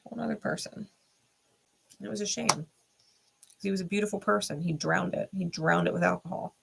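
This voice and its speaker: A woman's voice: fairly low pitch, a little fast, gravelly, a little hiss or hum. A woman speaking bluntly in a candid vlog monologue, swearing often and repeating short heated lines straight to the listener. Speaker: tarot reader and channel host.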